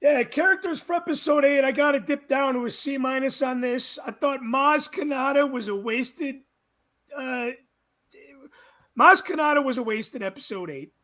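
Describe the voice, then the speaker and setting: A man's voice: very high voice, normal speed, sharp tone. A man who is the guest host on a casual podcast chat, rambling and laughing as he gives his opinions. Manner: rambling, laughing, with frequent restarts.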